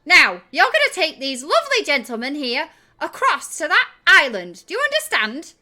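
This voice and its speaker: A woman puts on a goblin shopkeeper woman in a tabletop game, shrill and very high-pitched. She barks orders in a bright, sharp voice that leaps up and down. Bossy and commanding. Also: sing-song, normal speed, full character voice.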